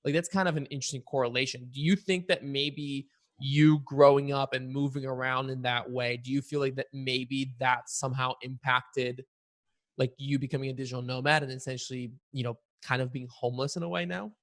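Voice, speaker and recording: A man's voice: mid-range voice, steady tone, fairly quick, fairly bright tone. A man who grew up between the US and Bulgaria, hosting an interview in a searching, casual way full of "like" and "you know". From United States and Bulgaria. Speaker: podcast host.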